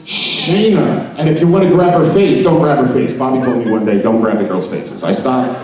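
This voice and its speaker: A man's voice: mid-range voice, lively intonation, fast. A man giving a joking mock seminar to a live audience at an expo, playfully getting the crowd to repeat words after him. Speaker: presenter at a trade expo. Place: large expo hall with an audience. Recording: echoey hall, voice picked up from far off.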